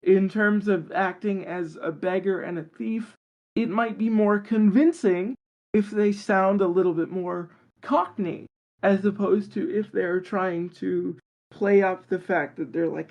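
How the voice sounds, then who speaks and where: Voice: mid-range voice, measured pace, creaky, dull audio. A guest on a tabletop game podcast, talking casually and enthusiastically and rambling with lots of fillers. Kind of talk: casual interview chat.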